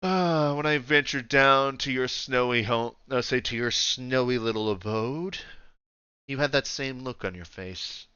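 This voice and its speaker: A man's voice: pushed and bright, clear, resonant tone, no echo, muffled recording. A man voicing an old dragon emperor. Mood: imperious. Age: older. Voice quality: deep, refined voice. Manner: slow, domineering, imperious. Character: ancient dragon emperor in human form, commanding.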